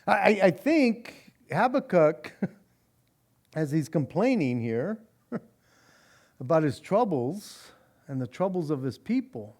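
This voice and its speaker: High-voiced animated pastor teaching. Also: male voice, slow pace, long pauses. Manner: animated, stumbles and repeats words, laughs often. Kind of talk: Bible study teaching.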